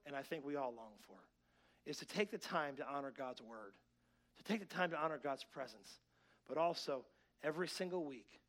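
A man pastor preaching a sermon, swinging between loud, excited preaching and quiet asides to his church, wearing a clip-on mic. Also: medium pitch. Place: church sanctuary. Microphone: clip-on mic that keeps slipping.

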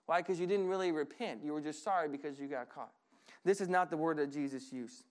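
A male pastor preaching with lively, conversational energy. His voice sits high for a man. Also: brisk. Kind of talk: sermon.

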